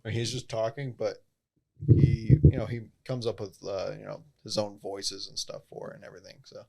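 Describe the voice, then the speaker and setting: A man's voice: on the low side, steady tone, a little fast, creaky, mellow, low-quality recording. A young man co-hosting a podcast, laid-back and casual, trailing off as he searches for words. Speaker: podcast co-host. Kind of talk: casual chat.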